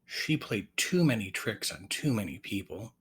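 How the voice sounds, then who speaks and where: A man's voice: on the low side, very animated, normal speed, fairly bright tone, husky, exaggerated voice. Edward, a man doing a talkative raven. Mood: earnest. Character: proud, talkative male raven hero.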